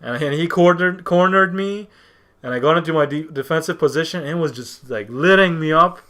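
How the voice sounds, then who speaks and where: A man talking as a podcast guest, telling a story casually, halting and restarting often, and acting out what others said. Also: fairly high pitch. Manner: halting, with many restarts and repeated words; animated, acts out what others said.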